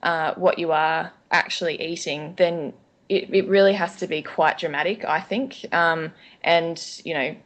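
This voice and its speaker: Chatty Australian woman, low-pitched. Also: steady tone, a little slow. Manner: chatty, frequent ums and restarts. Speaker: guest. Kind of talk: casual interview chat.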